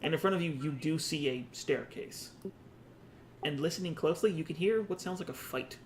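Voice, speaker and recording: A man's voice: on the high side, normal speed, slight background noise. Man narrating as game master. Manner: descriptive, with asides and restarts.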